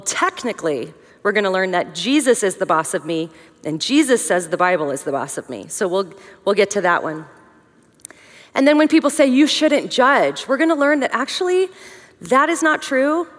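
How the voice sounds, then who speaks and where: Woman teaching with joking asides in a hall. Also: mid-range voice. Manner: conversational, joking asides, lively emphasis. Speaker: women's conference speaker. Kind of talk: humorous teaching talk.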